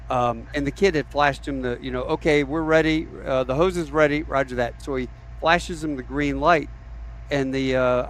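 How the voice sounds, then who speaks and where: A man spinning a long flying tale on a casual podcast, bouncing between narration and quoted voices. His pitch sits in the middle range. A faint hum of noise runs underneath. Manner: animated storyteller, acts out quotes. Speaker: podcast host. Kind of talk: casual storytelling.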